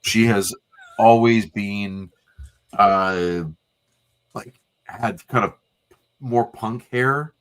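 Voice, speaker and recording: Casting: male co-host, low voice, meandering casual chat. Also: very slow, pauses often, fairly bright tone, smooth. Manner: rambling, hesitant, fillers. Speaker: livestream co-host.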